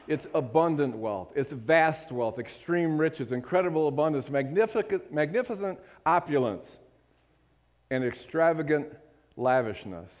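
A male pastor preaching a sermon, often checking in with his listeners and swinging between loud emphatic lines and quiet asides. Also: a little high.

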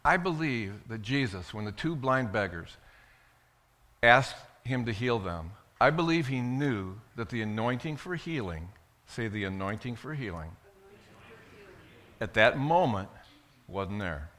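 Animated, bright-voiced male preacher. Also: mid-range voice, a little slow. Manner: animated, swings from loud to hushed, dramatic retelling. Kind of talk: sermon.

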